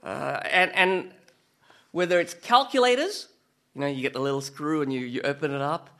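A man's voice: on the high side, moderate pace, sharp tone. A man preaching a conversational sermon who keeps asking his listeners rhetorical questions and jokes about himself. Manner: asks the listeners rhetorical questions, chatty and self-mocking.

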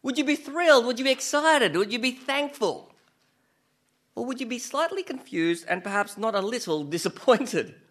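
High-voiced, bright-toned male preacher. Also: expressive, normal speed. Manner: asks the listeners rhetorical questions, chatty and self-mocking. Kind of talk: conversational sermon.

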